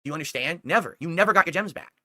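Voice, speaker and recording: An angry man rants at a rival in a fast, heated stream, cursing and pressing him with repeated questions. His voice is bright and cutting and sits a bit high. The sound is dry and close. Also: animated, no echo. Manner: heated, scolding, profane, repeatedly asking "do you understand". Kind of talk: angry ranting monologue.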